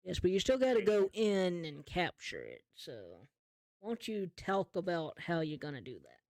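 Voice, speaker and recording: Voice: mid-range voice, very animated, moderate pace, a little mellow, no room sound. A game master runs a pirate tabletop session in a loose, joking way, prodding the players for answers. The sound is close and dry. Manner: casual, laughing, playful narration.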